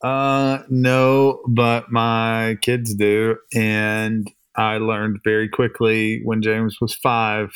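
A man's voice: fairly low pitch, monotone, drawn-out words, few pauses, fairly bright tone, clear, resonant tone, no room sound. A middle-aged man co-hosting a podcast about church leadership, thoughtful and searching for his words. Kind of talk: casual podcast discussion.

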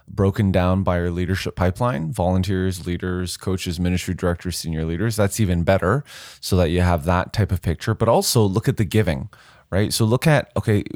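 A man's voice: low-pitched, darkish tone, no echo, clean studio sound. A man co-hosting a ministry podcast, playful and asking questions, then explaining step by step. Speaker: podcast co-host. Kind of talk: casual podcast chat.

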